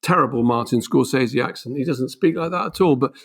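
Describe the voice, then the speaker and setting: A man's voice: medium pitch, a little fast, creaky, breathy edge. A man, an author and podcast guest, explaining animatedly with emphatic rises on key points. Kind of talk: conversational explanation.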